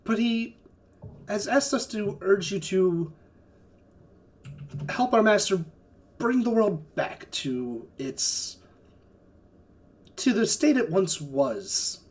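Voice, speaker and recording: A woman voicing a smooth male messenger who talks in a persuasive, coaxing way. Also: mid-range voice, expressive, slow pace, pauses often, a little mellow.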